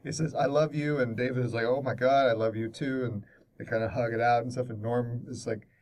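A man's voice: medium pitch, steady tone, a little mellow, recorded from a distance. Rambling man, slightly off-mic. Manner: rambling, halting restarts. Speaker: podcast co-host. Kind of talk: casual chat.

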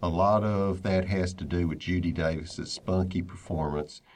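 A man's voice: deep voice, fairly even intonation, moderate pace, a little mellow. A man co-hosting a podcast, recommending a movie in an upbeat, casual way. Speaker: podcast co-host.

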